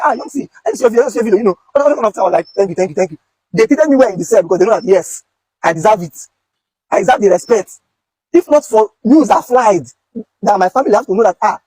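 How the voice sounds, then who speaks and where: A man's voice: sits high, a little mellow, breathy edge, dry recording. A young Nigerian man with a Nigerian accent, making an urgent, pleading direct-to-camera appeal and repeating phrases. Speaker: content creator recounting police detention.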